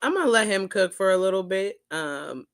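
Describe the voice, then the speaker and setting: A casual vlog host talks loosely over clips, cursing freely and tossing out joking asides. The voice sits at a middle pitch and sounds close and dry, recorded in a small cramped studio. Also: expressive, moderate pace, a bit bright, clear, resonant tone, no echo. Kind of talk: casual commentary.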